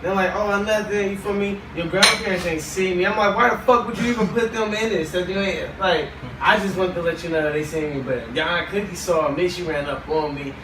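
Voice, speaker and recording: A man's voice: high voice, fairly even intonation, brisk. A man on a podcast telling a rambling family story in casual chat, often asking if listeners follow him. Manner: rambling, repeats "you feel me". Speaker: podcast co-host. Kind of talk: casual storytelling among friends. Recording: echoey room, distant mic, noisy.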